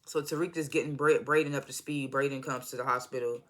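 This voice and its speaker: American vlogger reviewing a tv episode on a phone, bright and punchy, super casual, lots of slang and do-overs. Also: mid-range voice, steady tone, fast. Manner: loose, chatty, full of slang and self-corrections. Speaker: TV show reviewer. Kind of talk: casual rambling video review.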